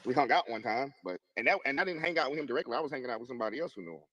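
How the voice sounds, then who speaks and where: A man's voice: medium pitch, animated, racing, bright, forceful tone, no echo, highs cut off. A man in an online voice chat, telling a story in a rambling way and defending himself. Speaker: chat participant.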